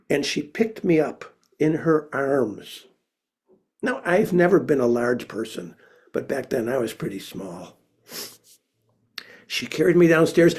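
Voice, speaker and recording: A male storyteller from Minnesota, talking slowly and expressively to an audience. His voice sits a bit high, with a gravelly fry and a husky grain. He drops to a hush at tense moments. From Minnesota, USA.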